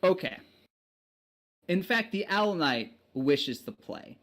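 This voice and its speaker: A man's voice: high-pitched, very animated, takes it slowly, fairly bright tone. A man narrating a tabletop game as game master, casual and rambling with many fillers.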